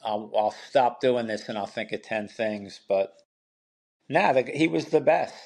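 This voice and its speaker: A man's voice: medium pitch, lively intonation, a little slow, a little mellow. A middle-aged man, a guest in a casual chat, speaking bluntly with a joking edge and short replies.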